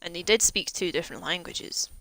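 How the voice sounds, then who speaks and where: A Scottish woman with a low, gravelly voice and a bright, sharp edge to her tone. She rambles through easygoing, wry chat as she plays a game on stream. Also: brisk, low-quality recording. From Scotland. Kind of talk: casual chat while playing.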